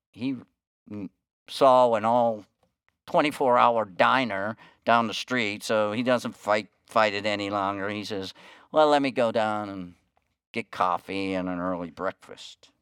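A man preaching a sermon, telling a story with hushed quoted lines and rising emphasis. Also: lowish voice, dry recording, clean studio sound. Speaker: pastor.

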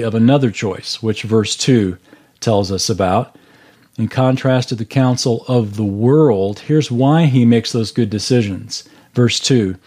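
A man's voice: lowish voice, warm tone. A man leading a Bible study class over a video call, explaining scripture verse by verse in an earnest way.

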